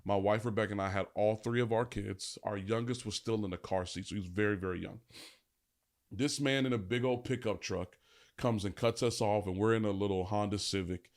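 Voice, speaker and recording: A man with a fairly low voice talks straight into the podcast mic. He tells a personal story in a candid, emphatic style and drops casual slang along the way. It sounds like a podcast host speaking from the heart. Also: fairly even intonation, fairly quick. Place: podcast filming set.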